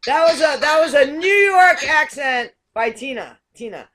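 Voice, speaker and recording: A woman's voice: high voice, expressive, normal speed, a bit bright. A woman hosting a casual game-show chat over a video call, playful and teasing. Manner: playful, teasing, laughing often. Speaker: talk show host.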